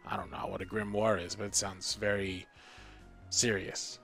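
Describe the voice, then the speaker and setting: A man's voice: on the low side, little pitch movement, normal speed, gravelly, pushed and bright, soft background music. A man casually commenting while he streams a video game, playful and thanking viewers.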